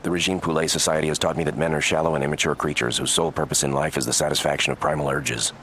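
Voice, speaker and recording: An actor playing a dim cartoon sidekick who speaks flatly and deadpan. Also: male voice, a bass voice, very fast, a little hiss or hum. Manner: flat, deadpan, gravelly.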